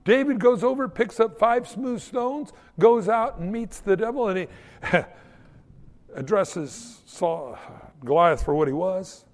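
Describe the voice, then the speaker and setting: A man preaching a sermon in an animated, folksy storytelling manner, acting out the quotes. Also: high-pitched, slow pace, long reverb tail.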